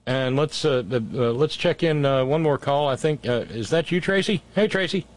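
A man's voice: on the high side, moderate pace. Easygoing male radio host. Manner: relaxed, wry, thanks listeners. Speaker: radio talk show host. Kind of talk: call-in radio talk.

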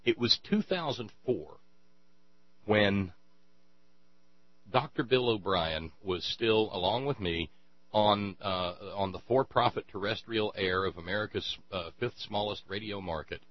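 A man hosting a talk radio show, commenting sarcastically on played clips in an animated way. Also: fairly low pitch, measured pace. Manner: sarcastic, animated, mocking voices in quotes. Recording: dull lo-fi radio audio with mains hum.

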